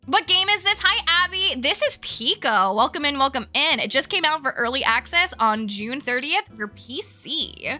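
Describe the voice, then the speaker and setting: A woman's voice: sits high, animated, normal speed, hardly any pauses, sharp tone, faint music behind. A young woman streaming a cozy game, chatting nonstop and giggling. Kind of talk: casual live-stream chat.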